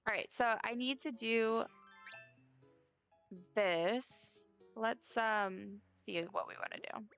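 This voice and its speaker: Smooth-voiced chatty woman streamer. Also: fairly high pitch, slow, fairly bright tone, faint music behind. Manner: chatty, rambling, many fillers. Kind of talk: casual gameplay chat.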